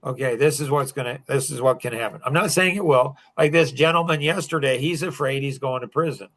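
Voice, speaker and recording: A man's voice: medium pitch, brisk, fairly bright tone. A man coaching a group, lecturing in a blunt, emphatic and scolding way.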